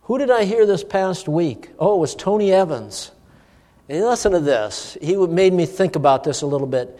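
A middle-aged man, a pastor, giving an informal sermon, telling a personal story in a folksy, animated way with chuckles. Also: high voice, moderate pace. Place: church hall. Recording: long church-hall reverb.

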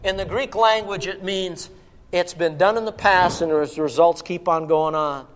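A middle-aged male pastor with a high-pitched voice preaches at normal speed, delivering his sermon emphatically and dropping to a hush at times. The church hall gives a long reverb.

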